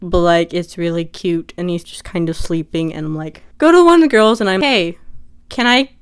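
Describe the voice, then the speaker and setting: A young woman casually retelling a story for her vlog, chatty and animated, full of "like". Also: on the low side, a little fast, clear, resonant tone. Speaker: vlogger.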